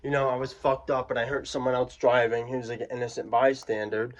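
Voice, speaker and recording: A man's voice: medium pitch, fairly quick, highs cut off. A young man telling a personal story in a casual, slangy, profane way. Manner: slangy, profane, animated retelling. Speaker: vlogger.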